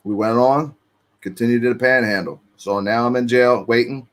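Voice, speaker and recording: A man's voice: mid-range voice, normal speed, fairly bright tone. A man telling his own story in casual street slang, swearing freely and acting out what people said. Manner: street slang, profane, acts out quotes.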